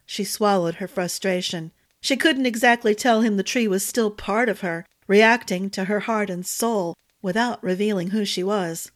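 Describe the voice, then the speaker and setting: A woman storyteller giving a measured, expressive audiobook narration. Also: mid-range voice.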